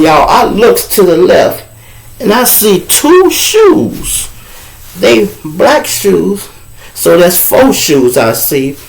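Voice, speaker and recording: A man with a high, gravelly voice hosts a live show from home, a lamp beside him, with background noise audible. Telling his viewers a casual story, he animatedly performs each person's voice in the dialogue and swears heavily.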